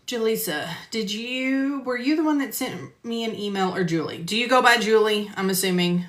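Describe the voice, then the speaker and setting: Her voice sits fairly high, a bit bright, at a moderate pace. She's teaching medical coding on a live stream, chatting casually, using lots of fillers, and naming viewers as she answers them, heard through a phone or computer mic with roomy echo.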